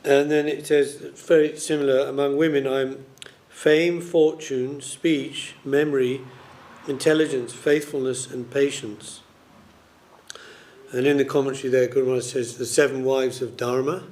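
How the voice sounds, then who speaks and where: A man's voice: mid-range voice, level tone, normal speed, darkish tone. Casual man explaining scripture. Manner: casual, explanatory with many fillers. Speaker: class leader.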